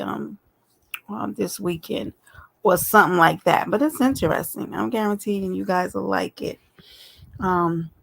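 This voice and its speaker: A woman's voice: medium pitch, vocal fry. A woman hosting a casual live stream, talking straight to her viewers in a chatty, affectionate way. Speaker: livestream host.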